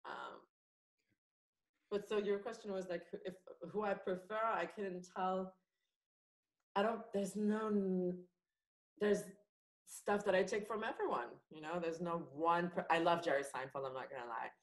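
A woman comedian in her thirties talks in a casual interview with an international English accent. Her voice sits a little low, and she tells stories in a chatty, animated way, with plenty of fillers. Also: a little slow, rough recording. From France. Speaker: guest comedian.

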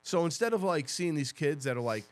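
A man co-hosting a podcast, chatting casually, telling an animated story with lots of swearing and impressions of others. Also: on the high side, brisk, dry recording. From New Jersey. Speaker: podcast co-host. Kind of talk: casual chat. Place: podcast studio.

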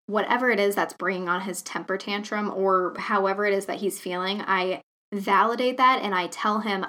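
A woman's voice: medium pitch, steady tone, fairly quick, pushed and bright. Earnest chatty woman podcaster. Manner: earnest, chatty, lots of fillers like "you know". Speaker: podcast host. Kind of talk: casual solo podcast talk.

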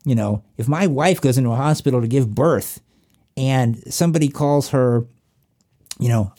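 A man's voice: medium pitch, moderate pace, warm tone. A middle-aged man in casual conversation, rambling and restarting his sentences, swearing now and then. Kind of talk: casual chat.

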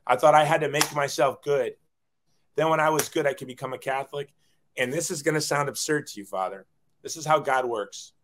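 A man's voice: on the high side, a little fast, a bit bright, a little hiss or hum. A man in his forties, a guest telling his life story in a casual, self-deprecating way, often acting out quoted dialogue.

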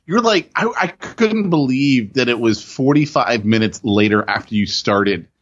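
A man's voice: medium pitch, lively intonation, unhurried, fairly bright tone, highs cut off. A man co-hosting a podcast over a remote call, bantering and mocking himself. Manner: teasing, self-mocking banter. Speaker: podcast co-host. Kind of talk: casual podcast chat.

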